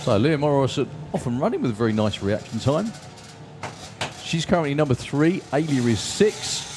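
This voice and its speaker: Lively man calling drag races. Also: mid-range voice, moderate pace. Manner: chatty, laughing with co-hosts. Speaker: drag racing commentator. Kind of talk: live race commentary. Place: commentary tower at a racetrack.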